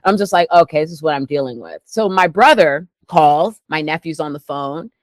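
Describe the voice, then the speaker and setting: A woman's voice: deep voice, expressive, moderate pace, no room sound. A woman co-hosting a casual talk show, telling stories animatedly with acted-out quotes. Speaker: co-host. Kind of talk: casual chat.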